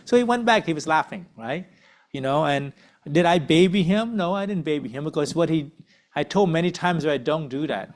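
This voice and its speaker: A man's voice: fairly high pitch, animated, fairly quick. A man leading a church parenting workshop in casual group discussion, conversational and always asking "right?". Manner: conversational, frequent tag questions. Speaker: uncle.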